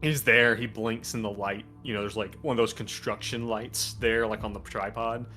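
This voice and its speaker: A man's voice: lowish voice, fairly even intonation, moderate pace, bright, forceful tone, soft background music. A man acting as game master, narrating a tabletop game in a casual, rambling way full of fillers.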